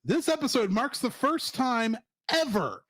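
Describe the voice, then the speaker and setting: A man's voice: extremely high pitch, very animated, measured pace, a bit bright, no room sound. A man co-hosting a casual cartoon review podcast, joking and laughing often as he talks. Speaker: podcast co-host.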